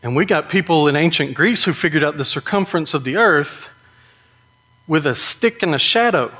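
A man preaching a sermon in a conversational way, often asking "right?" and slowing down to stress key points. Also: fairly high pitch, animated, pushed and bright. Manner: conversational, with frequent rhetorical "right?".

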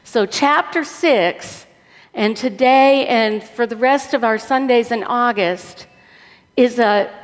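A woman pastor delivers a sermon at a very slow, deliberate pace in a church. She mixes scripture and prayer with casual, humorous asides. Her voice rings with a long reverb from the sanctuary. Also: on the high side.

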